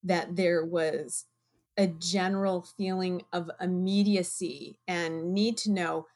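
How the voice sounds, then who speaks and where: A woman who chairs a science department and teaches biology, talking in a measured, thoughtful way in a casual conversation. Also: on the low side, steady tone, a little mellow. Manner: measured, thoughtful, slow-paced.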